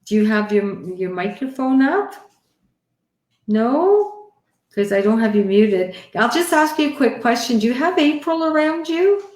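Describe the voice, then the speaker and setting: A woman's voice: a little high, very animated, unhurried, darkish tone, echoey room. A woman hosting a casual live stream from home, giving readings to viewers and chatting affectionately with them. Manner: chatty and affectionate, calls people honey and sweetheart. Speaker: livestream host giving psychic readings. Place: home, indoors. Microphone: headset or computer mic on a live stream.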